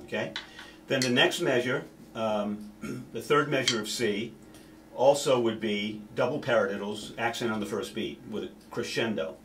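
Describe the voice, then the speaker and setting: A man's voice: medium pitch, normal speed, heavy background noise. A man teaching a snare drum solo, counting beats aloud and stopping now and then to correct himself.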